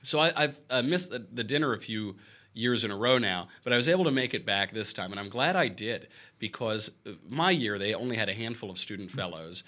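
Young man, hungover and tired, bright tense voice, dry joking banter. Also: lowish voice, expressive, a little fast. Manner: dry, self-deprecating wit. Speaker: podcast guest and fellow host. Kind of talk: casual banter.

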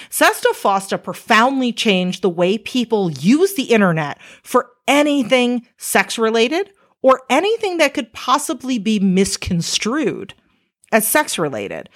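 A woman giving casual explanatory commentary, conversational and emphatic, with rhetorical asides to the listener. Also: medium pitch.

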